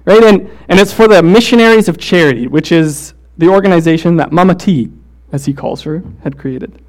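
High-voiced man preaching with hushed intensity. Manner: shifts between fast casual storytelling and slow hushed emphasis; casual fillers like "like" and "right?". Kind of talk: sermon.

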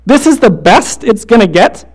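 A man preaching a sermon, swinging between quick casual storytelling full of "like" and "right?" and slow, hushed emphasis. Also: extremely high pitch, expressive.

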